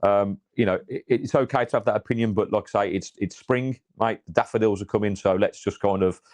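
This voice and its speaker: A man's voice: on the low side, a little fast, a little mellow, no echo. A man from England, chatting casually about his football club in a rambling way full of restarts and fillers. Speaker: podcast co-host. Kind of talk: casual football fan chat.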